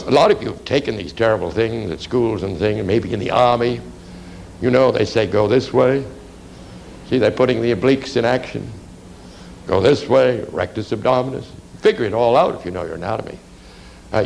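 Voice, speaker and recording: Gravelly man lecturing on anatomy. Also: on the low side, darkish tone, slight background noise, low-quality recording. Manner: halting, frequent "uh" and "you see"; dry asides to the class. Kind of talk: classroom lecture while drawing.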